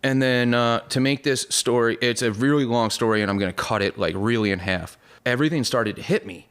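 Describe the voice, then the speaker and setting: A man's voice: medium pitch, brisk, a bit bright, clear, resonant tone. A young man telling a long story in casual chat, rambling and full of "like", "dude" and "bro", and acting out the voices of people in it. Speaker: podcast guest.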